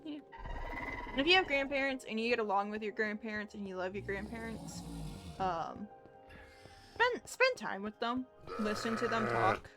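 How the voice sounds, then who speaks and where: A woman's voice: fairly high pitch, very animated, normal speed, over music. A young woman livestreamer talking candidly in casual chat, rambling with frequent restarts.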